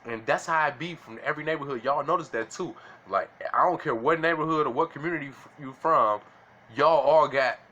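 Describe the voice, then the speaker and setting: Casual vlogger, man, slangy and bright, faint noise behind. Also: medium pitch. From Illinois. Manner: slangy, keeps asking "you know what I'm saying". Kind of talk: casual monologue to camera.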